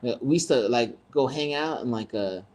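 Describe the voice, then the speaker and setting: A man's voice: mid-range voice, normal speed, darkish tone, poor audio. A man telling funny family stories in casual podcast chat, swearing freely and laughing as he goes. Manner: acts out quoted people in raised voices. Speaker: podcast host. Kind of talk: casual storytelling.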